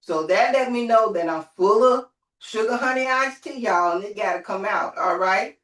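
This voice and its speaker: Woman telling a lively story, far off. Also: mid-range voice, moderate pace. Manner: lively storytelling, calls on listeners. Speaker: group host. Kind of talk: motivational group call talk. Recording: roomy, from off the mic.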